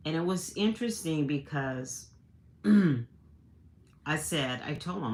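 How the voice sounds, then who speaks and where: A middle-aged woman speaks casually to her live viewers. Her voice sits very low, and she talks slowly. She laughs as she goes and keeps restarting her sentences. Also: expressive. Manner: chatty, laughing, with many restarts. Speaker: livestream host. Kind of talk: casual storytelling to a live audience.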